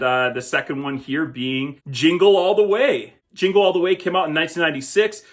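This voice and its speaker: A man's voice: a little high, fairly bright tone. A man hosting a film review show, talking casually and conversationally about a movie. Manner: chatty, conversational, laughs now and then.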